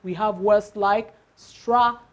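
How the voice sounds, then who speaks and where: A woman teaching word stress in an unhurried way. She spells endings out letter by letter and keeps asking the class questions, then answers them herself. Her pitch sits in the middle range. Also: fairly even intonation, muffled recording. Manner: slow, spells out letters, asks rhetorical questions.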